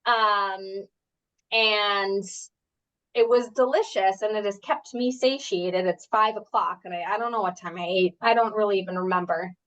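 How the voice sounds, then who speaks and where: Woman, health coach, casual rambling talk, lots of fillers, mid-pitched voice, dull lo-fi stream audio. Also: moderate pace, a bit bright. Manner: chatty, rambling, many fillers and asides. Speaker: health coach leading a group workshop. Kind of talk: casual live workshop talk. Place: at home, indoors.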